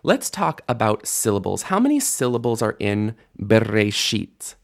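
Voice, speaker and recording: A man teaching a recorded Hebrew lesson, patiently explaining grammar and sounding out syllables slowly, with relaxed joking asides, speaking into a desk microphone. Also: fairly low pitch, creaky.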